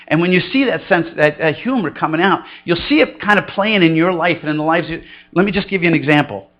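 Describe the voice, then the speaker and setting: A middle-aged pastor delivers a conversational, humorous sermon on a rough recording, his voice a bit bright. He tells funny stories and acts out quoted voices with big jumps in pitch.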